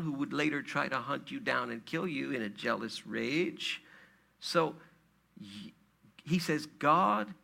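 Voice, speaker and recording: Slow gravelly male pastor preaching. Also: on the high side, pushed and bright. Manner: conversational preaching with fillers and rhetorical questions. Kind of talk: sermon.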